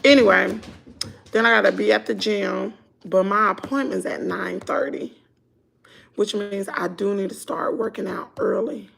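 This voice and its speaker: A hoarse woman with a Southern US accent, chatting casually with viewers on a live stream. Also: mid-range voice, unhurried, fairly bright tone, a little hiss or hum. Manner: chatty, talks to viewers as y'all. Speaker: vlogger.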